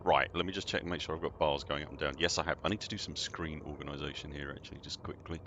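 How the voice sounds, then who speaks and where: A man's voice: extremely low pitch, fairly even intonation, fast, sharp tone, slight background noise. A man chatting casually to viewers while streaming a space game, greeting them by name and joking at his own expense. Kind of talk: casual live-stream chat.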